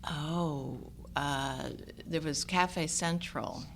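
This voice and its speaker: A woman in her sixties, an actress telling stories from her career in a relaxed chat, laughing often. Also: sits low, very slow, gravelly, slight background noise. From United States. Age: 60s. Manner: animated storyteller, laughs often. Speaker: actress guest. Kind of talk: casual conversation.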